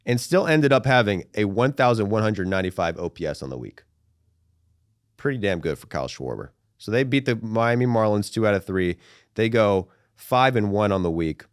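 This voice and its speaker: A man hosting a sports podcast, chatting casually in an animated, slangy, rambling way. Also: fairly low pitch, no room sound, studio quality. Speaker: podcast host.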